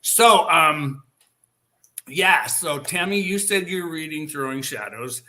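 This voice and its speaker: Bright-voiced rambling male host. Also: a little high, slow. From Northern California. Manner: animated, rambling with many fillers. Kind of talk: casual live chat. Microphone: video call.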